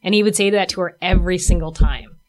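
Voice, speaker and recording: A woman hosting a casual interview, chatty and animated as she tells stories and laughs often. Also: lowish voice, fast. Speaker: host.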